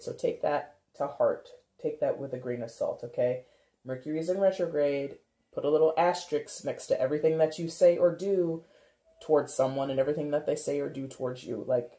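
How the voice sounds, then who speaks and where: With a warm, mid-range voice, a tarot reader gives a casual reading, chatting and thinking out loud while laughing often. The recording has a roomy echo.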